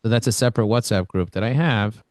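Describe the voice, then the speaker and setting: A man from Brooklyn, New York, coaching an online group on a video call with blunt, energetic, conversational talk. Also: lowish voice, fast talker, no room sound, clean studio sound. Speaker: networking coach, host.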